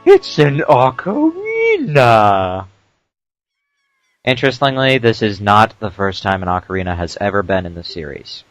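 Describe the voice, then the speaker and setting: Low-voiced man giving dry game commentary. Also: fairly even intonation, fairly bright tone, dry recording, faint music behind. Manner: explains game tips with dry jokes and "uh" pauses. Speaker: let's play commentator. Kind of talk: casual gameplay commentary.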